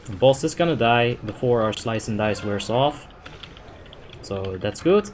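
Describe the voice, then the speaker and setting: A man streaming a game live, answering chat questions in a relaxed, talkative way and swearing now and then when a play goes wrong. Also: fairly low pitch, unhurried, slight background noise. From Netherlands. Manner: relaxed, chatty, thinks out loud, swears when frustrated.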